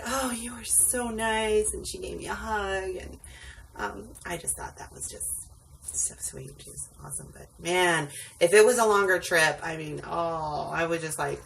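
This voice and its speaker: Chatty woman with a gravelly voice. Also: fairly low pitch. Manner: chatty, rambling, lots of ums and asides. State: tired late at night. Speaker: rideshare driver vlogger. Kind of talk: casual storytelling vlog. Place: indoors at home, sitting on a wobbly stool. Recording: distant mic with faint background noise.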